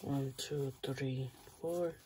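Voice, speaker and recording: A channel host giving casual commentary while opening trading cards, chatty and talking straight to the viewers, with bursts of excitement over good pulls. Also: medium pitch, extremely slow, a little hiss or hum.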